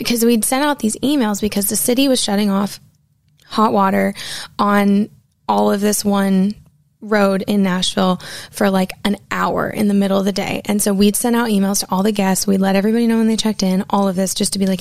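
A woman's voice: mid-range voice, fairly even intonation, brisk, gravelly, darkish tone, dry recording, studio quality. A woman singer-songwriter casually telling stories in a chatty way, with lots of fillers. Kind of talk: casual storytelling.

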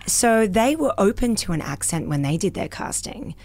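A woman with an Australian accent, a voice actor telling lively stories as an interview guest. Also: medium pitch, normal speed, gravelly. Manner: animated storyteller, acts out quotes. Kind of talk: casual interview chat. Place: small home recording closet.

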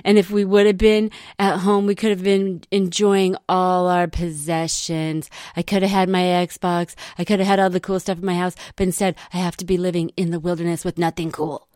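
A woman's voice: lowish voice, little pitch movement, moderate pace, hardly any pauses, a little mellow, no room sound, clean studio sound, lightly acted. A woman voicing a pair of complaining grown brothers who mock and whine in a storybook retelling. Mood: whining. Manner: mocking, whining.

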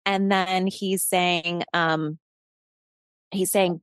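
Animated, profane woman telling a story. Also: fairly low pitch, slow pace, long pauses, clean tone, no room sound, studio quality. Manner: animated, profane, laughs often, acts out shouted quotes. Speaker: podcast host telling a personal story as interview guest. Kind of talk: casual interview storytelling.

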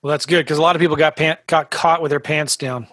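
Brief: male host, fairly high voice, casual probing questions, dry close sound. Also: steady tone, quick pace, a bit bright, no echo. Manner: asks probing questions, jokey. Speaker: podcast host.

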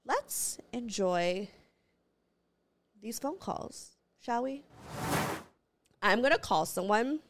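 Brash, bubbly woman podcast host. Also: mid-range voice. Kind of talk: casual chat.

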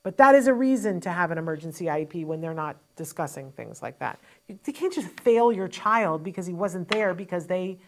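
A woman host gives advice to parents in an emphatic, rapid monologue full of frank asides. Her voice sits a little low for a woman, and she speaks into a studio microphone. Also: animated.

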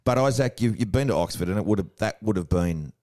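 A man's voice: lowish voice, expressive, fast, dark tone, dry recording, studio quality. An Australian man hosting a podcast, chatty and rambling with a jokey streak. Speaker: podcast host. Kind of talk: casual interview chat.

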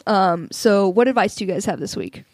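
A woman's voice: mid-range voice, lively intonation, brisk, dry recording. A woman co-hosting a casual podcast chat, loose and playful, moving the talk along. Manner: laughing, loose and playful, drives the segments. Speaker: podcast co-host.

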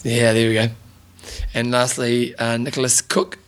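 A man's voice: medium pitch, level tone, moderate pace, clear, resonant tone. A man co-hosting a podcast, chatting casually and laughing often. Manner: laughs often, jokey banter. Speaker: podcast co-host. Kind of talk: casual chat.

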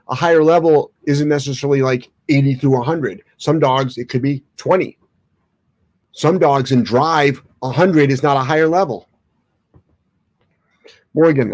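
Brief: man, dog trainer, casual swearing, dry close-mic, average pitch. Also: a little mellow, dry recording. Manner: blunt, opinionated, swears casually. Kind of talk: live Q&A answering viewer questions.

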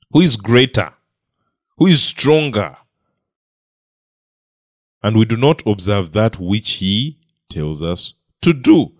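A man with a lowish voice preaching a sermon. He leans into repeated phrases with emphatic rises and falls. The recording is dry, with little room sound. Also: dry recording. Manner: emphatic, rising and falling delivery with repeated phrases.

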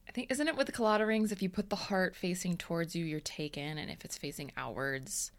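A woman's voice: fairly low pitch, brisk. A woman co-hosting a podcast in casual chat, cracking playful jokes. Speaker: podcast co-host.

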